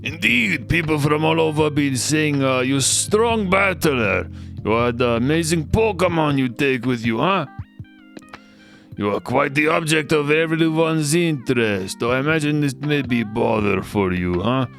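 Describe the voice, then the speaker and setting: A man's voice: on the high side, lively intonation, a little slow, creaky, fairly bright tone, faint music behind, voice pushed up, exaggerated voice. A man voicing a grandiose male home economics teacher with a put-on Russian-style accent and broken grammar, reading game dialogue.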